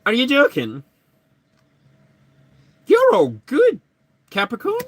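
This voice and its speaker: A man's voice: very high voice, huge pitch swings, takes it slowly, creaky, dry recording. A man giving a live tarot energy reading, chatty and playful. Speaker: tarot reader.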